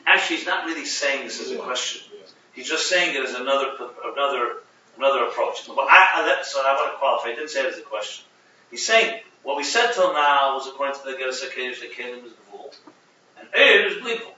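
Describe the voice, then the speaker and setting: A man teaching a Chassidic text class, explaining with animated restarts and Hebrew terms. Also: mid-range voice, fast, slight background noise. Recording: muffled, echoey room, from a distance.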